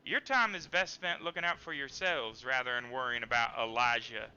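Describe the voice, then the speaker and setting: A man voicing a tough, hard-drinking woman agent in a tabletop game, with a gruff folksy drawl. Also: mid-range voice, normal speed, bright, forceful tone, muffled recording. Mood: warning.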